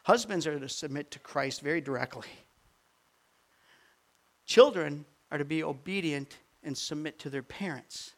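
An older man, a grandfather, preaching a sermon with animated swings from quiet asides to near-shouted peaks. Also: on the high side, normal speed. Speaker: pastor.

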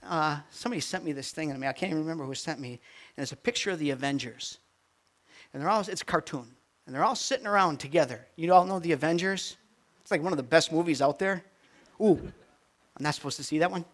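An older man, a grandfather, preaching a sermon with animated swings from quiet asides to near-shouted peaks. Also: on the high side, fast talker. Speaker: pastor.

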